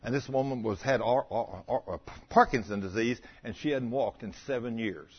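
An older man preaching a folksy, animated sermon about healing, acting out the voices in his stories. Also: mid-range voice, moderate pace, husky. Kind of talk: sermon storytelling. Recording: dull lo-fi recording.

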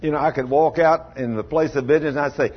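A man's voice: on the high side, steady tone, fast, husky. A man preaching a folksy sermon, chuckling often and calling on congregation members by name. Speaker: pastor. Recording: dull lo-fi church recording.

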